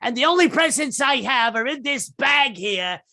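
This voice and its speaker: A male stand-up comic voicing a loud, grating comedian dressed as Santa, shouting his lines in a squawking way. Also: very high voice, lively intonation, moderate pace, creaky, pitched above the performer's own voice, heavily acted. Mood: griping.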